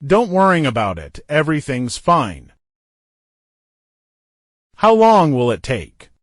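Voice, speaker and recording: A man reads short everyday phrases for language learners, and his fairly high voice moves up and down a lot as he goes. He gives each phrase once on its own, then again inside a fuller sentence, in a very dry, close recording. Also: wildly swooping pitch, slow, no room sound. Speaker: English teacher. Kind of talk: reading example phrases for learners.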